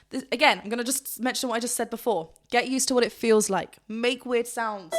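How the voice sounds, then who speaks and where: A woman vocal coach explaining singing technique in a reaction video, breaking off to demonstrate with loud sung yelps. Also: fairly high pitch, fairly quick, soft background music.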